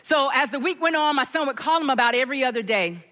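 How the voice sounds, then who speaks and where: High, bright-voiced woman preaching. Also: quick pace. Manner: animated storytelling, acting out quoted voices. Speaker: pastor. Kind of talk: sermon with personal story.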